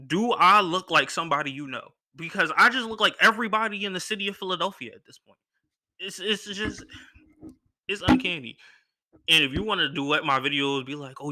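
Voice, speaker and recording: Bright-voiced young man telling a story. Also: on the high side. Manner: animated, acts out other people's lines in a raised voice, slangy. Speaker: podcast host. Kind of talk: casual storytelling monologue.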